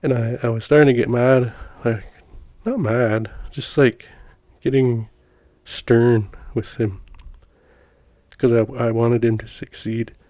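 A middle-aged man tells his own stories in a loose, folksy ramble, full of fillers and restarts. His voice sits mid-range and sounds relaxed and mellow. The recording is dry and close. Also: medium pitch, slow pace, no echo. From Montana. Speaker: podcast guest telling personal stories. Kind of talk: casual storytelling.

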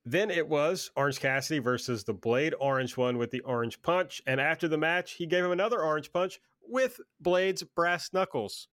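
A man's voice: fairly high pitch, normal speed, hardly any pauses, a bit bright, no room sound, studio quality. Fired-up, profane male podcast host. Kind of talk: casual wrestling recap chat.

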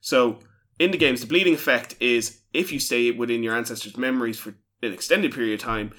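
A man's voice: medium pitch, fairly quick, fairly bright tone. A man co-hosting a podcast in casual chat, explaining things at length and swearing for emphasis. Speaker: podcast co-host.

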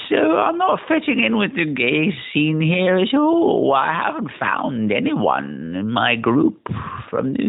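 Man doing a drunk fake-British accent, gravelly and husky, tinny phone voicemail. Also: on the high side, full character voice. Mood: mopey. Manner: loud, rambling, slurred.

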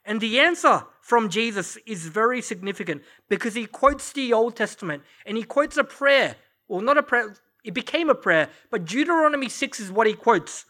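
Bright-voiced male pastor preaching. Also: very high-pitched, expressive, moderate pace. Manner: conversational, storytelling with light laughs. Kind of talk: sermon. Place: church service.

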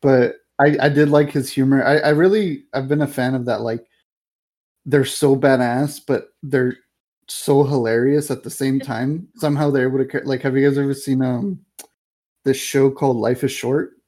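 A man's voice: medium pitch, steady tone, moderate pace, a little mellow. A man co-hosting a casual film-review podcast, rambling with many fillers and restarts while acting out scenes. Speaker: podcast co-host.

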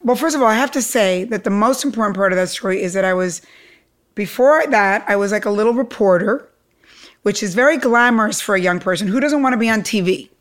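A middle-aged woman from Cuba, a guest telling a lively story and acting out the other people in it. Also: mid-range voice, brisk. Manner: animated, acts out quoted voices.

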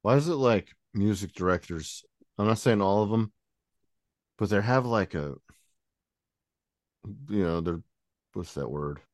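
A man's voice: lowish voice, lively intonation, a little slow, pauses often, no echo, clean studio sound. A man hosting a podcast, chatting in a laid-back, blunt way and swearing. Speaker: podcast host. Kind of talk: casual chat.

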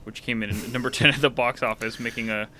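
Bright-toned man musing about film. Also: medium pitch, steady tone, fast talker, slight background noise. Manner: thoughtful, with many restarts and fillers. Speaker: podcast co-host. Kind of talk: casual film discussion.

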